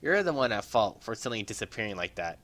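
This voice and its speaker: A man voicing a haughty young queen who speaks low, stern and clipped. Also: very animated, quick pace, a bit bright.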